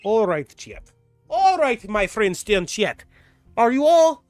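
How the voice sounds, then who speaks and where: A man running a livestreamed tabletop game as dungeon master, talking in an animated, rambling way and repeating himself as he greets chat and recaps the story. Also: high-pitched, unhurried, no echo, faint music behind.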